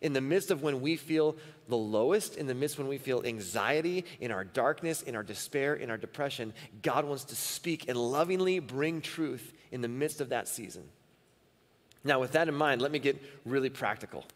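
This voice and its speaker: A man's voice: medium pitch, moderate pace. A man preaching a sermon as pastor at a church service, earnest and repeating phrases for emphasis. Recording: long reverb of a church hall.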